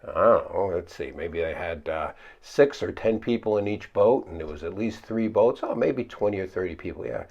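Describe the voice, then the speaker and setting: A male pastor talks through his sermon in a low, gravelly voice that climbs and drops a great deal as he asks his listeners questions. He puts on high, pleading voices for the frightened disciples, and the recording sounds dull and lo-fi. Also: expressive, moderate pace, hardly any pauses. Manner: conversational, asks the listeners questions and answers them himself.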